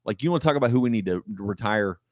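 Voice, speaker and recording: A man's voice: fairly low pitch, lively intonation, rapid-fire, a little mellow, dry recording. A man co-hosting a basketball podcast, talking in an emphatic, enthusiastic way. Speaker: podcast co-host. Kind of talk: casual sports podcast chat.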